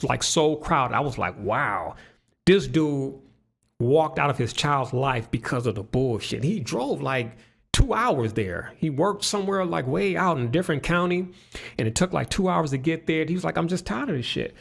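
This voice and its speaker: A man telling stories as a guest in a casual podcast conversation, animated and profane, with many restarts. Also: fairly high pitch, vocal fry.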